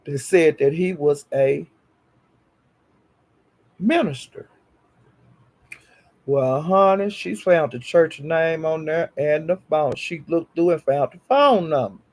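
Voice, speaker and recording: A man telling a gossipy story in a casual, animated way. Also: a little high, slow pace, pauses often.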